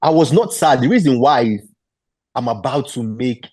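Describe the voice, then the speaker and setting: A man in his thirties recounts his career in a sit-down interview. His voice sits at a middle pitch, and it jumps higher and louder when he acts out the other people's lines. The sound is dry and close, with little room echo. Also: moderate pace. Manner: animated retelling, acting out quoted dialogue. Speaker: interview guest, former footballer.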